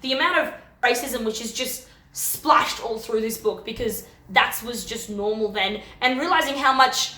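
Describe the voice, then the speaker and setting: Young woman, bubbly book vlogger: high voice, gushy rants, trips over her own sentences. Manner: animated, gushing and ranting, quick self-interruptions. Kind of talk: casual book review chat. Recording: echoey room.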